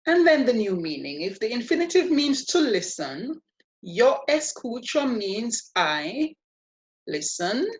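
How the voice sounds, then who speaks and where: Slow, patient woman teaching a language. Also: fairly high pitch, very animated. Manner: patient and playful, spells out each step. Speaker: Spanish teacher. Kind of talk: slow, deliberate language lesson.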